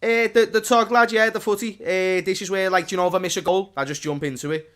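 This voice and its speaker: A man's voice: high-pitched, steady tone, a bit bright. A man with a Liverpool accent, chatting loosely about football as a podcast guest, full of slang. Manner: chatty, slangy, quick to laugh. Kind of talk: casual football podcast chat.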